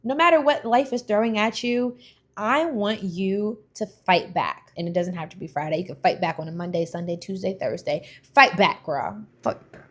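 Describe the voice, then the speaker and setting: Animated young woman vlogging. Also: medium pitch, normal speed. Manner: animated and emphatic, casual slangy phrasing. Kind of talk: motivational vlog talk to the camera.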